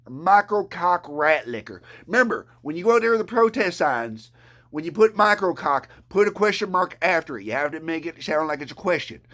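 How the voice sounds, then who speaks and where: A man's voice: on the high side, big pitch swings, brisk, fairly bright tone. A man on a live stream ranting with profanity and mockery, sometimes talking about himself in the third person. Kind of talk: angry live-stream rant.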